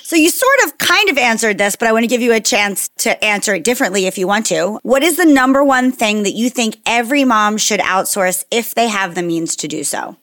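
A woman's voice: a little high, expressive, fairly quick, hardly any pauses, fairly bright tone. A woman co-hosting a podcast, playful and easygoing in conversation. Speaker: podcast co-host. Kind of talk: casual chat.

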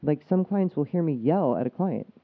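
A man co-hosting a podcast talks earnestly in a casual chat, explaining things and often halting to restart his sentences. His voice is a little high and expressive, and the recording sounds tinny, like a phone.

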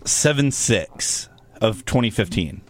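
A man's voice: fairly low pitch, expressive, slow pace, no room sound. Laughing, swearing man co-host. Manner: crude, laughing, swears freely. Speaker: podcast co-host. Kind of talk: casual wrestling chat.

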